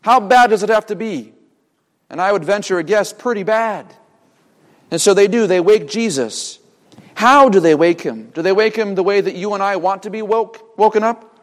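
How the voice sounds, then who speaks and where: In a large hall, a young pastor preaches a sermon from the pulpit of a church sanctuary, posing rhetorical questions to the congregation. His voice is high-pitched and moves at a normal speed.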